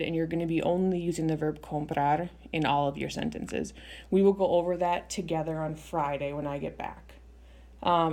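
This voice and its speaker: Woman teacher, young adult, low-pitched, mellow tone, patient step-by-step video lesson, casual ums. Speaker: Spanish teacher.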